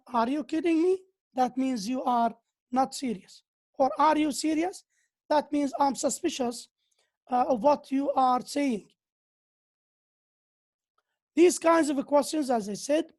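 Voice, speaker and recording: Woman lecturer, high voice, unhurried delivery, repeats key phrases, explains grammar. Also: mellow. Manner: slow, repeats key phrases, occasional hesitations. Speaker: English lecturer.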